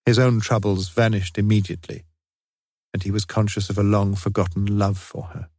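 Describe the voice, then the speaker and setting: Male audiobook narrator, low voice, steady unhurried reading, dry close recording. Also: no echo. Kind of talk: scripted narration.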